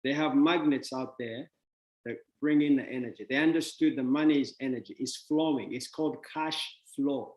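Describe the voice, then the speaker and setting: A man's voice: mid-range voice, fairly even intonation, moderate pace, darkish tone, roomy sound. A man giving a motivational talk on money, playful with wordplay and laughs, then blunt and dismissive.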